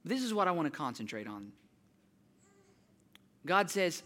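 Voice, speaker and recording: A man's voice: fairly high pitch, sing-song, measured pace, pauses often, sharp tone. A man preaching a sermon, telling personal stories and building to impassioned rhetorical questions. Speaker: pastor.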